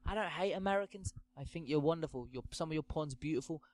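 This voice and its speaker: A man ranting through a sweary comedic monologue, swinging between loud outbursts and low muttering. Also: fast, dry recording. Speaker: podcast host.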